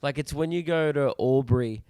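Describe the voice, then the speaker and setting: Smooth-voiced Australian man, chatty podcaster. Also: medium pitch, warm tone, no room sound, clean studio sound. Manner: chatty, joking, brisk self-promotion. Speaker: podcast co-host, touring comedian. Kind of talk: casual podcast chat.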